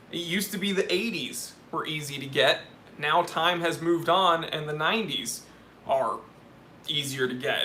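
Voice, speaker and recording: A man's voice: on the high side, bright, forceful tone, a little hiss or hum. A young man hosting a live watch Q&A stream, reading viewer questions and giving candid, joking opinions.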